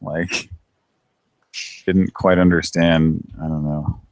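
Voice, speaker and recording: A man's voice: low-pitched, flat delivery, slow pace, darkish tone, no echo. A man hosting a live prank call show, chatting casually, rambling and laughing often.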